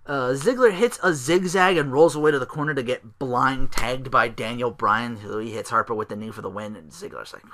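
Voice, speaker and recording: A man alone at the mic running his own podcast, with a bright, forceful edge in his voice. He rambles through a recap full of fillers and restarts. His tone stays sarcastic and profane, with mocking put-on voices and tired sighs. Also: medium pitch, a little fast, hardly any pauses. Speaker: podcast host.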